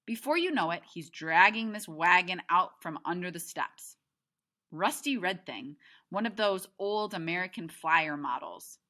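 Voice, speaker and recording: Woman teacher, read-aloud to class, bright lowish voice, chatty asides. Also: lively intonation, unhurried. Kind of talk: reading a novel aloud to a class.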